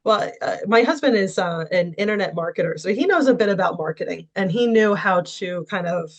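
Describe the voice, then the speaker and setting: A woman's voice: mid-range voice, lively intonation, brisk. A woman guest telling her personal story in conversation, candid and anecdotal, with frequent fillers. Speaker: interview guest.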